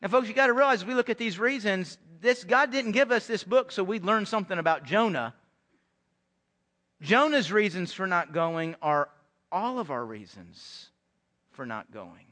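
A man with a high, ringing voice preaches a sermon to his church. His delivery is earnest, and he doubles up words as he presses a point home. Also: lively intonation, moderate pace, sharp tone. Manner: earnest, repeats words when stirred. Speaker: pastor. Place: church sanctuary.

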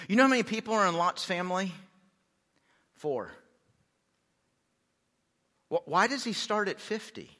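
A man's voice: fairly high pitch, sharp tone. A man preaching a sermon in a conversational, humorous way, often restarting his sentences. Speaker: pastor. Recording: long reverb of a large hall.

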